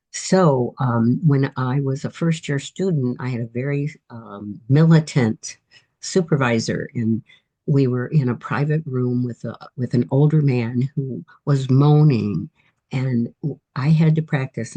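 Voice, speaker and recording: A woman's voice: rumbling low, dark tone, slightly rough. A woman in her eighties, an author guest telling life stories in a reflective, encouraging way. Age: 80s. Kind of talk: casual interview storytelling.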